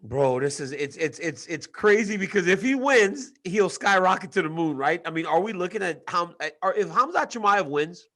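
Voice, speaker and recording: A man co-hosting a casual sports podcast over a video call, animated and teasing, laughing often. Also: high voice, moderate pace, few pauses. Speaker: co-host and fight analyst.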